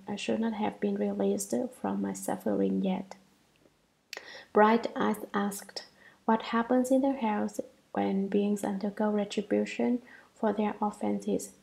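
A woman reads a Buddhist sutra commentary aloud, taking it at a measured, deliberate pace. Her voice is dark and mellow, with a steady gravelly fry running through it. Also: medium pitch, rough recording.

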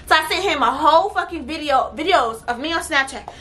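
High bright young woman vlogging. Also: fairly quick. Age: young adult. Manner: blunt, profane and animated, swings loud. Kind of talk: casual storytime vlog.

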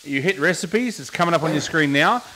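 A man's voice: a little high, expressive, brisk, bright, forceful tone, a little hiss or hum. A man co-hosting a live cooking stream, reading viewer questions in a breezy, teasing way.

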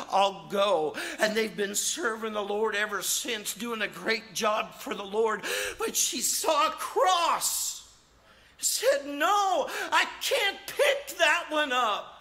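High, bright-voiced man preaching animatedly. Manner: animated preaching with acted-out quotes. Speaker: evangelist. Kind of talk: sermon.

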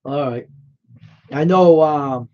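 A man's voice: a little high, takes it slowly, mellow. A man hosting a live stream, chatting casually with viewers in a rambling, friendly way full of fillers and repeats. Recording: dull lo-fi stream audio.

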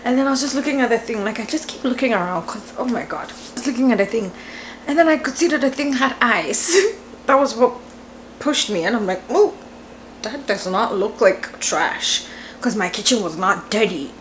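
A woman in her twenties, a vlogger telling a story at home in a lively, chatty way, laughing often and filling her talk with "like". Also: a little high, normal speed, a little hiss or hum. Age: 20s. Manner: animated, laughing, lots of "like" fillers. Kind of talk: casual storytelling vlog. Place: home, indoors.

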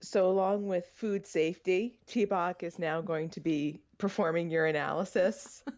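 A woman co-hosts a podcast, tossing in quick jokes. Her voice is a bit low, and the sound is dull and lo-fi. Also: fairly even intonation, darkish tone. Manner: jokey, quick quips. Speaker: podcast co-host. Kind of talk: casual chat.

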